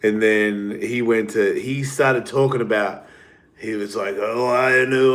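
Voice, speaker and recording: A man hosts his own podcast with a somewhat low voice. He tells long, rambling stories in an offhand way, swearing freely and laughing along as he goes. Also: steady tone, measured pace, a bit bright. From Australia. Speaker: podcast host. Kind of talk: casual storytelling monologue.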